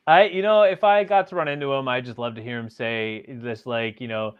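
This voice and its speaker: A man's voice: medium pitch, fairly even intonation, brisk, hardly any pauses, background noise. A man hosting a podcast in casual chat, rambling and leaning on filler words as he talks through his thoughts. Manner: rambling, leans on "like" and "literally". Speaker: podcast host.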